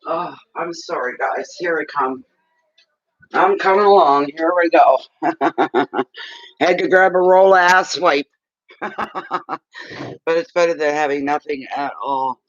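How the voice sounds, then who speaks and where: Man, tarot reader, earnest, reassuring, emotional, fairly high voice, muffled lo-fi sound. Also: dry recording. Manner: earnest, reassuring, speaks straight to the client; emotional, tearing up. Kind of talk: live tarot reading stream.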